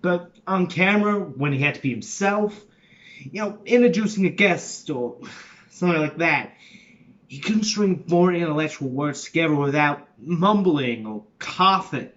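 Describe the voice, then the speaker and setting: A man playing a shy, nervous young comedy writer in a monologue, with a New York accent and halting delivery. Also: a little high, expressive, fairly bright tone, muffled recording. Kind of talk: acting a monologue.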